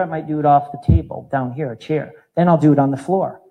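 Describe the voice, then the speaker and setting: A man in his fifties, a fitness trainer giving an animated live talk to an audience, demonstrating exercises as he speaks. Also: fairly high pitch, fast talker, few pauses, low-quality recording. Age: 50s.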